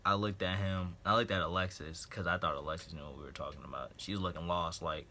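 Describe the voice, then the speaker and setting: Young male vlogger, low voice, lively storyteller, faint hiss behind. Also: fast, vocal fry. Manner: animated storytelling, acting out quotes. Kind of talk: casual storytime vlog.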